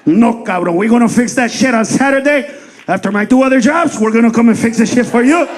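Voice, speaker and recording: Loud crude stand-up comedian. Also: male voice, very high voice, fast talker, a little hiss or hum. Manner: loud, crude, shouting punchlines. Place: comedy stage before a live audience.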